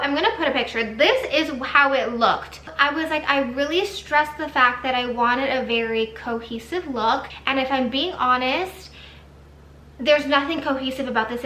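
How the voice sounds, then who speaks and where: A young woman tells an exasperated storytime in her vlog, her voice high and bright, and she says "like" again and again. She is recorded in an echoey room with a faint hiss behind her. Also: normal speed. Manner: animated and exasperated, many "like"s. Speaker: vlogger.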